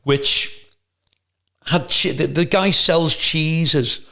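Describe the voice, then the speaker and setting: Gravelly, blunt man. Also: fairly high pitch, drawn-out words. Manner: blunt and sweary, animated storyteller. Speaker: podcast co-host. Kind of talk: casual chat.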